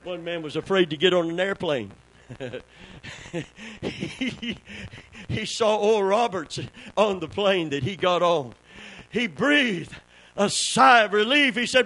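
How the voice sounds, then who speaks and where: A man's voice: high voice, expressive, takes it slowly, long pauses, pushed and bright, low-quality recording. A man with a Southern American accent preaching a sermon to a small congregation, calling for responses and telling folksy stories that build to fervent peaks. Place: church before a small congregation.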